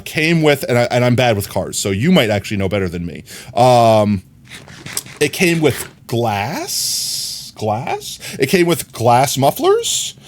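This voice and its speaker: A man streaming a game, chatting casually and telling a long rambling story with many fillers. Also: medium pitch. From New York. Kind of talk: casual chat while gaming.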